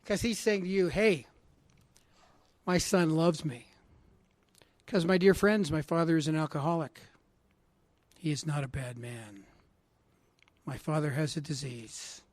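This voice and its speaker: A man from Canada speaking at a recovery assembly, telling a heartfelt personal story that drops to hushed tones and rises to loud emphasis. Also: fairly high pitch, unhurried, pauses often, dry recording. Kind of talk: personal testimony talk. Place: assembly hall.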